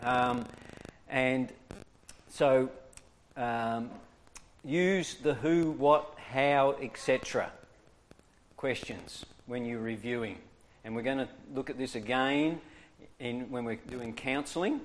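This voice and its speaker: A man's voice: mid-range voice, slow pace, long pauses. A man leading a training class for church teachers, coaxing his listeners along and checking in with them often. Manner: lively, coaxing, keeps checking in with "okay?".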